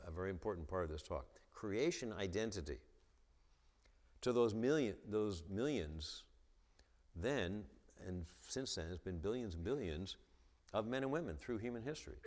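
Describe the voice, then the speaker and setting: Brief: man, stutterer, deep low voice, lecturing in a reverberant church. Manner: stutters, repeats the starts of sentences. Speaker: guest speaker at a church. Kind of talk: lecture-style church talk. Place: church hall with an audience.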